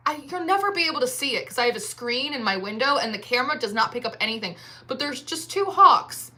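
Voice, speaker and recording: A woman's voice: a little high, expressive, fast, sharp tone. A woman giving a casual tarot reading to camera at home, chatty and rambling with lots of filler words. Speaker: tarot reader.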